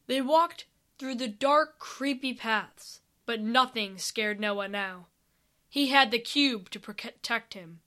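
In a high, bright voice, a woman reads an adventure tale aloud at a steady storybook pace, staying calm and never rushing.

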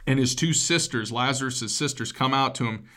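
A man of ordinary mid-range pitch delivers a sermon as a pastor. His preaching stays casual and conversational. He keeps turning to his listeners with quick asides. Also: a bit bright.

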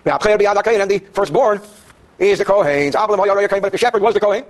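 Reading Hebrew passages to students in the room, a Torah teacher then translates and explains them, adding jokes along the way. The class on Jewish law is daily, and his high-pitched voice comes out rapid-fire.

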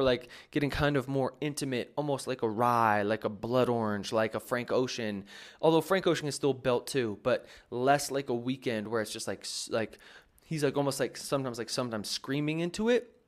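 Male producer, mid-pitched, casual Q&A host, rambling delivery with lots of fillers. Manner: rambling, many fillers and restarts. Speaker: music producer answering viewer questions. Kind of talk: casual advice talk.

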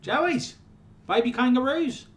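A man putting on a joking Australian persona, talking higher and louder than his usual voice. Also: big pitch swings, unhurried. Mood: jokey.

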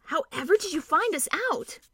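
A woman's voice: sits high, animated, normal speed, a bit bright, no echo, pitched above the performer's own voice. A woman voicing a young male king who speaks in a firm, commanding way.

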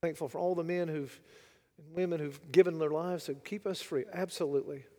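A man preaching a sermon, dramatic and rhetorical, swinging between loud declarations and hushed asides. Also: a little high, steady tone, brisk, big-room sound. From United States. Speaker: pastor.

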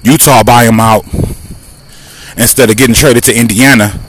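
A man's voice: mid-range voice, fairly even intonation, normal speed, breathy edge, poor audio. A man with a Southern American accent hosting a casual podcast monologue while walking outdoors near traffic, talking emphatically and firing off rhetorical questions. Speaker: podcast host. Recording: light street noise, cars passing.

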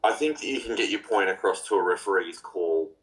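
A man's voice: low-pitched, expressive, fairly quick, a bit bright, low-quality recording. A man hosting a podcast, chatting in a blunt, laid-back way with swearing and banter. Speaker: podcast host. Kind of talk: casual podcast chat.

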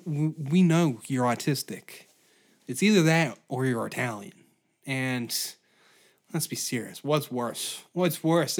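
A man hosting a podcast, ranting comedically with heavy swearing and laughing at his own jokes. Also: on the high side. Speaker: podcast host. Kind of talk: comedic solo rant.

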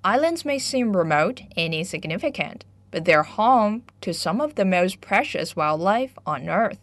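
A woman teaching English vocabulary and grammar, explaining slowly and clearly and moving between Chinese and English. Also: mid-range voice, animated, no echo. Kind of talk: bilingual English lesson.

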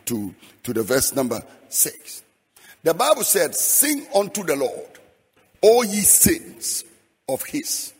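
A man's voice: mid-range voice, husky. A middle-aged man preaching a sermon in a rhythmic, half-sung style. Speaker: pastor. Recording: long hall reverb, faint music behind.

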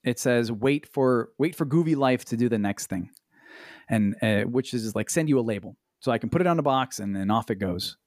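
A man on a podcast telling a story in an exasperated, animated way, swearing freely and swinging up into high pitch. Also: normal speed, dry recording, studio quality. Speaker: podcast co-host. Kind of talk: casual storytelling chat. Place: Los Angeles.

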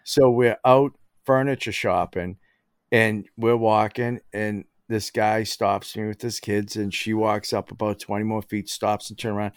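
A middle-aged man with a somewhat low voice tells stories in a loose, chatty way, packed with "you know" and "like". The sound is dry and close to the mic. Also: steady tone, unhurried, smooth, dry recording. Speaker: guest. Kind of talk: casual storytelling.

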